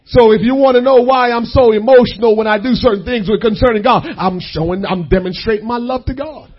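A man preaching a sermon, repeating key lines and calling out to the congregation in drawn-out phrases. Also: very high voice, slightly rough, highs cut off.

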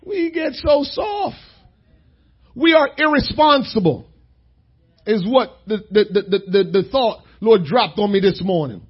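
High-pitched man preaching hard. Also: expressive, measured pace, slightly rough, lo-fi sound. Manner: shouting, emphatic preaching with sudden drops to quiet asides. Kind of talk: sermon.

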